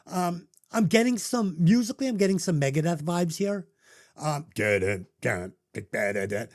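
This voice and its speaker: A podcast co-host in casual chat, swearing freely and sarcastic about the music. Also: medium pitch. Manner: profane, animated, sarcastic. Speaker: podcast co-host reviewing albums.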